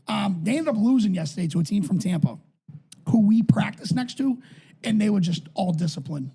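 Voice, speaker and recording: Male co-host, 30s, from New England; husky, gravelly, rambling and profane. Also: expressive, fairly quick, dark tone. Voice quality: voice higher than his build suggests. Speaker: podcast co-host and youth football coach. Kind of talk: casual podcast chat.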